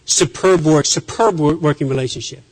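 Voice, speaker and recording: A man's voice: on the high side, normal speed, darkish tone, rough recording. A man who is a naval officer, giving an emphatic conference speech and often repeating phrases with restarts.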